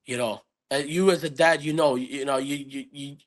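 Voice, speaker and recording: A man's voice: mid-range voice, fairly even intonation, fairly quick. A man speaking as a podcast guest, telling a personal story in an earnest, reflective way that rambles with many restarts. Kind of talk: casual interview storytelling.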